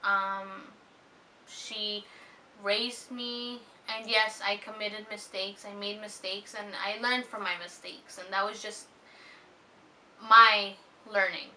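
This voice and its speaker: A young woman in her twenties speaks earnestly and tenderly to her viewers, filling her pauses with soft ums. Her voice is bright and clear in tone. The mic sits a little away from her, with a faint hiss underneath. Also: medium pitch, steady tone, distant mic, rough recording. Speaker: vlogger. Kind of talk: heartfelt personal vlog talk.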